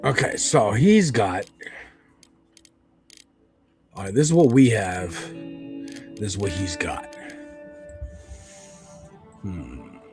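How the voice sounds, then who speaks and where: A man's voice: fairly low pitch, lively intonation, extremely slow, long pauses, a little mellow, soft background music. A man streaming a video game, giving loose, rambling commentary with casual swearing.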